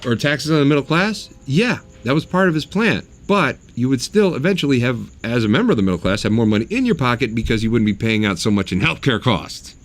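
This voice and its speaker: A man hosting a solo opinion podcast, blunt and sarcastic in tone. His pitch swings widely as he talks, though his voice sits in a middling register. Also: sing-song, brisk, few pauses. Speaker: podcast host.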